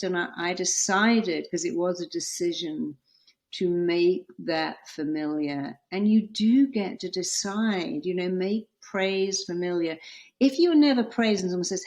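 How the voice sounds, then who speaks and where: A British woman speaks as a therapist on a podcast, pitched a little low. She talks in an earnest, emphatic way, moving between advice and personal stories. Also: normal speed, vocal fry, rough recording. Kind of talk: conversational advice.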